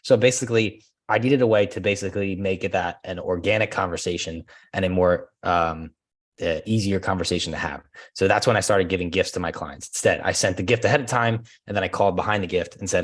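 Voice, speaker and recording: Podcast guest, man in his thirties, quick low delivery, laughs often, acts out calls. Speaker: guest, former real estate agent. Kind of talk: casual podcast conversation.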